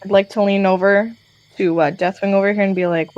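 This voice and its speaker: A woman's voice: mid-range voice, fairly even intonation, a little fast, darkish tone, no room sound, rough recording. A woman playing a tabletop game, blunt and sassy in her remarks. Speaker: player.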